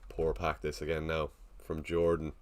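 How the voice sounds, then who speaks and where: Low-voiced man chatting on a live stream. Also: completely flat delivery, moderate pace. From Ireland. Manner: chatty, thinking aloud, greets chat viewers. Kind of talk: casual live-stream chat.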